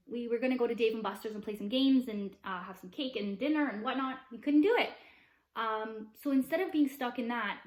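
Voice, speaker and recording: A woman's voice: a little high, reverberant. A woman, a mother vlogging, chatting upbeat to camera with plenty of fillers. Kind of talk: casual chat to camera.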